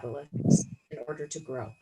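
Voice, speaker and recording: A woman with a bass voice, speaking a little fast, hosts a Bible study discussion on a video call, with loud music playing behind her. She teaches in a casual, earnest, reflective way and often poses questions to herself aloud. The recording quality is low.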